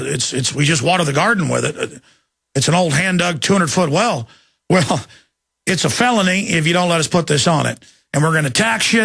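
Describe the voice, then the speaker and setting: A man hosting a talk show, delivering an impassioned, ranting monologue that swings into shouting and slow, emphatic stresses. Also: fairly high pitch, creaky. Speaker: radio talk show host.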